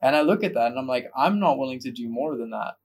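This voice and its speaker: Male co-host, casual relaxed chat, mid-range voice. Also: medium pitch, quick pace. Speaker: podcast co-host.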